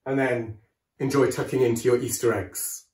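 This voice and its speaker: Gentle man telling a children's story, echoey room. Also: mid-range voice, fairly even intonation, moderate pace. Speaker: school worship leader.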